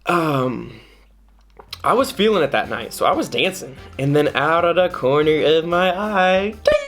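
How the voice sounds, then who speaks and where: A man telling a dating story to camera in a casual, jokey way, often jumping into high mock voices. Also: expressive, measured pace, fairly bright tone.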